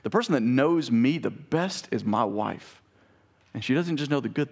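A young man preaching a sermon, who tells personal stories with animated voices and drops to a soft, intimate tone. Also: medium pitch, moderate pace, breathy edge. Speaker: pastor.

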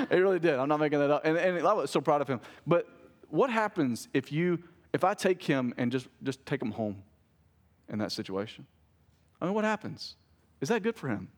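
A man's voice: fairly high pitch, very animated, normal speed. Conversational man preaching. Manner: conversational preaching with family anecdotes and self-corrected jokes. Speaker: pastor. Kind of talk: sermon.

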